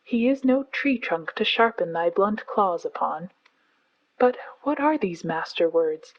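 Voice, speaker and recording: A woman voicing a proud, sceptical panther who speaks slowly, quietly and mockingly in a storybook reading. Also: medium pitch, expressive, highs cut off. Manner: slow, quiet, measured, mocking. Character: proud, cool black panther, dry and sceptical.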